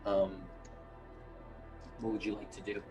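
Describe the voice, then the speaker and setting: Slow, low-voiced male game master. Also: little pitch movement, over music, low-quality recording. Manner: unhurried, halting with fillers. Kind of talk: narrating a tabletop game.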